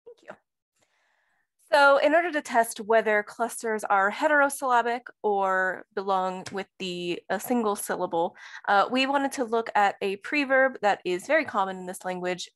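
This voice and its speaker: A woman's voice: mid-range voice, normal speed, fairly bright tone, dry recording. A woman giving an academic talk on phonology, explaining examples step by step with frequent fillers. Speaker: linguistics presenter.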